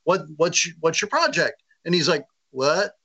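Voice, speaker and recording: Bright-voiced man telling a lively story. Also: a little high, moderate pace, slightly rough. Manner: animated, acts out quoted dialogue. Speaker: author guest. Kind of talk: casual interview storytelling. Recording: lo-fi muffled audio.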